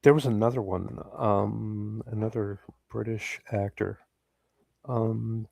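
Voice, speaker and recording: A man's voice: lowish voice, fairly even intonation, takes it slowly, gravelly, darkish tone, no room sound, studio quality. A man co-hosting a podcast, giving blunt, crude opinions in a casual film review chat. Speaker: podcast co-host.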